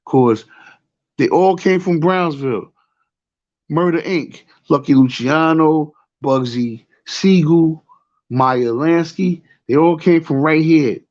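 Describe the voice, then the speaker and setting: A man's voice: fairly high pitch, slow pace, a little mellow, dull audio. A man with a New York accent telling a rambling story in casual talk, often repeating "you know what I'm saying.". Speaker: show host.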